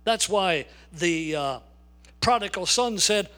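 Older guy preaching, pretty high voice, leans hard on the big words and slows down for them. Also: expressive, pushed and bright. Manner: emphatic, slows and stresses key words. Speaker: pastor. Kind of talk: sermon.

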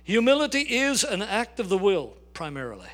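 An older man preaching a sermon as a pastor, emphatic, slowing down to stress key words. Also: sits high, huge pitch swings, fairly bright tone.

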